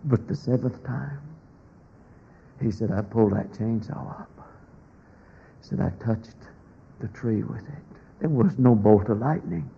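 A man preaching, telling a folksy story in a sermon, swinging between loud declarations and hushed lines. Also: fairly low pitch, a little slow, creaky, pauses often, highs cut off, slight background noise.

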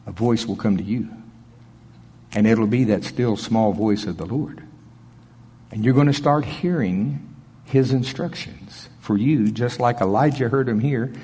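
A middle-aged male pastor with a husky voice preaches in a folksy, plainspoken way and chuckles between his stories. His voice carries the long reverb of a large auditorium, picked up through a stage mic. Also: medium pitch, warm tone. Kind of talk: conversational sermon with storytelling.

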